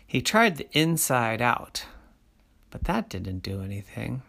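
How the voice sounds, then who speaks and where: Slow, gravelly children's storyteller. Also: mid-range voice, big pitch swings. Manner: slow, sing-song, dropping to soft asides.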